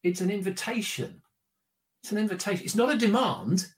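A man's voice: high-pitched, sing-song, a little fast. A man preaching a sermon in a conversational way, repeating his key phrases. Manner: conversational, repetitive, with light chuckles.

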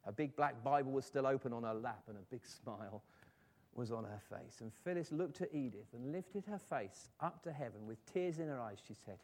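A man's voice: medium pitch, moderate pace, a little mellow. A man preaching a sermon, telling a story in an earnest voice and rising to fervent appeals.

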